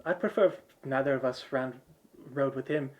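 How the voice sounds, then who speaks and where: A man's voice: mid-range voice, normal speed, noisy background, lightly acted. A polite woman with a dry manner, voiced by a man running a tabletop game. Her tone is plain and composed.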